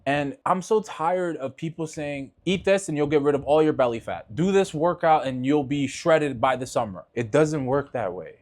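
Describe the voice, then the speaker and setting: A man's voice: a little high, normal speed, hardly any pauses, darkish tone. A man talking bluntly and earnestly in a motivational vlog, swearing freely and speaking from the heart as he encourages his viewers. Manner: heartfelt, emotional. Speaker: fitness vlogger.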